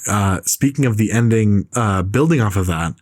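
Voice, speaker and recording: A man's voice: lowish voice, expressive, moderate pace, darkish tone, no echo, studio quality. A man ranting in casual podcast chat, opinionated and rambling, with lots of "like" fillers. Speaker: podcast co-host.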